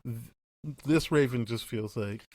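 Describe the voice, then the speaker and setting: A man's voice: mid-range voice, dry recording. A young man co-hosting a podcast, talking casually and animatedly, often acting out what characters said. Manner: animated, acts out characters' lines in quick paraphrase. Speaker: podcast co-host. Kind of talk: casual chat.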